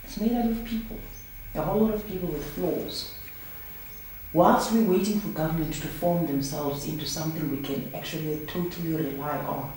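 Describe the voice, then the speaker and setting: A woman speaks with passion in an interview and drives her points home with forceful rhetorical questions. Her voice sounds distant and roomy, as if the mic sits across the room. A faint hum of ambience lies underneath. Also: low-pitched. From South Africa. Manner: impassioned, emphatic rhetorical questions. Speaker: project founder.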